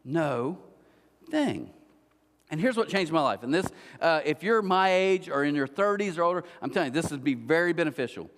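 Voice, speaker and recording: A man's voice: a little high, animated, fast talker, few pauses, fairly bright tone, slight background noise. A middle-aged man, a pastor, giving a chatty sermon full of stories and self-mocking humor, talking straight to his listeners. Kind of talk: conversational sermon. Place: church auditorium. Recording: long church-hall reverb.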